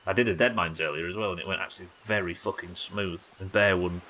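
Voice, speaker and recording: A man streaming a game live, talking in quick excitable bursts and chatting to his viewers. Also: sits low, slight background noise. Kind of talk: live gameplay commentary.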